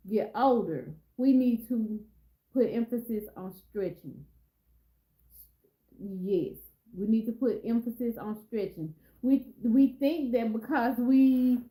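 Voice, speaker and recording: A middle-aged woman hosts a casual live stream, chatting and rambling as she talks straight to her viewers. Her voice sits a little high, with a warm, mellow tone. The sound carries a noticeable room echo. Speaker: lifestyle vlogger hosting a live stream.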